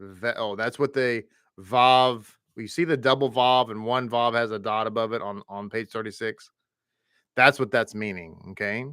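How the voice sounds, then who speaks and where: A Texan man leads an online reading class, chatty and relaxed, drawing words out and repeating them for his students. His voice is bright and forward, and the sound is very dry and close to the mic. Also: medium pitch, normal speed, clean tone, dry recording. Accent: Texas. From American South. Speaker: Hebrew reading teacher.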